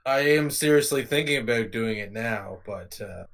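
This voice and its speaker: A man on a livestream panel who talks haltingly, filling his sentences with lots of ums and uhs. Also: medium pitch, a bit bright. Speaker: panel guest. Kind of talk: casual group discussion.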